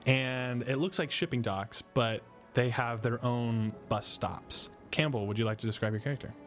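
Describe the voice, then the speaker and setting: A man narrating a tabletop role-playing game as game master, describing scenes in a relaxed way with frequent fillers. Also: medium pitch, normal speed, soft background music.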